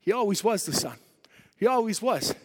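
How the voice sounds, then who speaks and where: A man pastor delivers a sermon in a very high voice, swinging between driven, loud stretches and hushed ones. The church hall around him rings with a long reverb. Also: very animated, moderate pace, husky. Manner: fervent preaching, swinging between loud and quiet.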